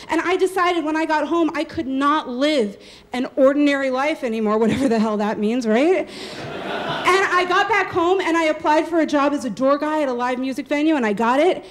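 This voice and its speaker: Live on stage at a small venue with an audience, a woman in her thirties tells a true personal story. High-pitched, lively and laughing, she acts out the voices of the people she quotes.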